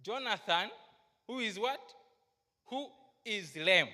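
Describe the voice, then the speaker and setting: A woman preaches in a deliberate, unhurried rhythm, stressing her points and asking her listeners questions. Her voice is bright and ringing. It carries a long reverb from a church hall. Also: medium pitch, lively intonation. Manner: slow, emphatic, asks the congregation questions. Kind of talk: sermon.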